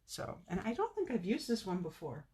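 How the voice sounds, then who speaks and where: A woman's voice: medium pitch, wildly swooping pitch, a little fast, warm tone, husky. A woman hosting a casual live card-making tutorial, chatting to viewers by name and laughing often.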